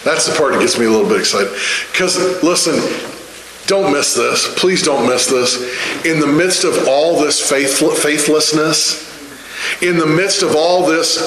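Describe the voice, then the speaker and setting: A man preaching a sermon with fervor, driving points home by repeating his phrases. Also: a little high. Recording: echoey room.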